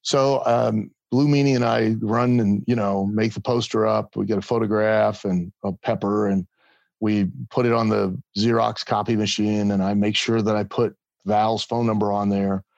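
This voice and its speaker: Low gravelly man with a dull lo-fi sound. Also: normal speed, no echo. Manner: animated storyteller, acts out other people's voices. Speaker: guest. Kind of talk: casual interview storytelling.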